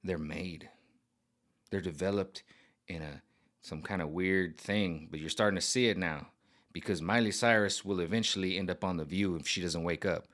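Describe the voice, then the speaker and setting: A man ranting comedically to camera, rambling and animated, jumping in and out of voices. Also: sits low, moderate pace. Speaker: vlogger. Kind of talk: comedic rant.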